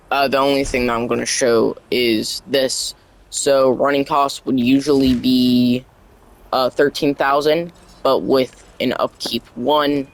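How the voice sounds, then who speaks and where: A man talking through a casual game tutorial at an unhurried, slow pace. He reads the on-screen text aloud haltingly, stumbling over words, and his voice sounds worn as if he is losing it. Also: medium pitch, a bit bright, poor audio. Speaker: gaming channel creator.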